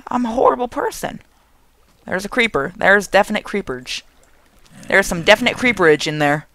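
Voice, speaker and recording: Young guy doing let's play commentary, gravelly voice, goofy and excitable, talks back to the mobs. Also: sits high, moderate pace, no room sound. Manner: excitable, jokey, talks to game monsters. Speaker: gaming channel host.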